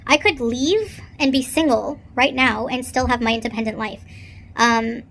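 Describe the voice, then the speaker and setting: A woman's voice: fairly high pitch, moderate pace, vocal fry, a bit bright, a little hiss or hum. Woman reading questions and answering them. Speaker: livestreamer answering viewer questions.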